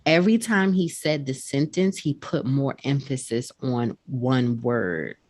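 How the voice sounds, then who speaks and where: Low-voiced woman co-host, dry sound. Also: expressive, darkish tone, no room sound. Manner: slows down to stress words when retelling examples. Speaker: podcast co-host. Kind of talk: casual chat.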